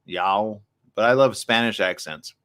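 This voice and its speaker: A man hosting a live radio morning show, chatting casually in an animated, joking, rambling way from the studio. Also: on the low side, unhurried, clean tone.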